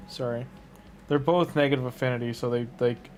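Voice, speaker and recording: A man's voice: medium pitch, flat delivery, quick pace, a little mellow, faint music behind. A man giving casual gameplay commentary, muttering and thinking aloud as he reacts to a game. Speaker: gaming streamer.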